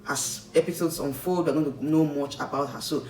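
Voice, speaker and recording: Nigerian male vlogger, slightly high voice, rambling and chatty, recorded off-mic in an echoey room. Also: steady tone, brisk, darkish tone, faint music behind. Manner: chatty, rambling, keeps tagging "okay?" and "like, seriously". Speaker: vlogger reviewing a reality show. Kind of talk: casual commentary. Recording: echoey room, distant mic, faint noise.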